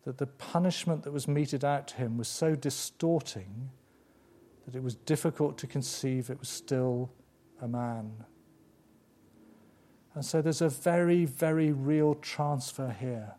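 A man's voice: mid-range voice, mellow. Emphatic man preaching a sermon. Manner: emphatic, with dramatic pauses and repetition.

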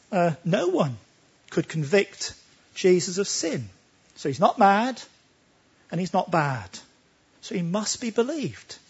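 A man's voice: high-pitched, slightly rough, muffled recording. A man preaching a sermon, talking emphatically and pressing his listeners with rhetorical questions.

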